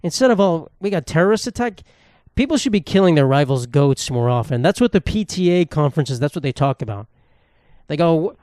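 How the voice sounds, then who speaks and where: A man's voice: fairly high pitch, expressive, a little fast, a little mellow, no room sound, studio quality. A young man from New York hosting a casual solo podcast in a rambling, sarcastic, profane way. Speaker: podcast host.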